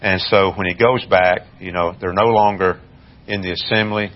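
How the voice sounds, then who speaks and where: A man giving a Bible study lesson, talking in a measured, halting way with many fillers and restarts. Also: sits low, fairly even intonation, muffled recording. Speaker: Bible teacher.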